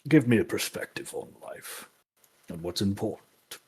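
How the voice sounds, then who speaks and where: A man's voice: on the low side, lively intonation, measured pace, darkish tone, a little hiss or hum. A man playing a short wry ogre.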